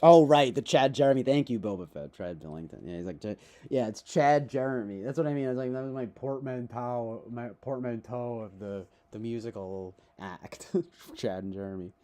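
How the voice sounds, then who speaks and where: A young man livestreaming at night from home, drunk and rambling, joking at his own expense and laughing often, with sudden loud outbursts. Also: medium pitch, moderate pace. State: intoxicated. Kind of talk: rambling livestream chat to viewers.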